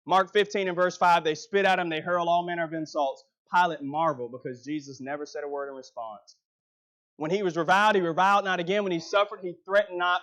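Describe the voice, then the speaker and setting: A man delivers a sermon in a fairly high voice. He leans on words and then drops to a hush for effect. The recording sounds a little muffled and dull. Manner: emphatic, rising and dropping for effect. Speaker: preacher.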